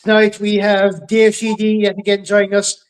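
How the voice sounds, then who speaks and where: A man's voice: high-pitched, monotone, moderate pace, clear, resonant tone, poor audio. An Irish man hosting a podcast in casual chat, joking and bantering with his guests. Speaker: podcast host.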